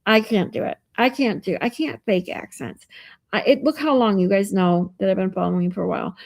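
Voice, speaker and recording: A woman live streamer talks casually to her viewers, reading their comments aloud and answering them, with frequent laughter. Her mid-pitched voice carries a gravelly fry. The sound is dry and close, with no room echo. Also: a little fast. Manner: chatty, reads out and answers chat comments, laughs often. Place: hotel room.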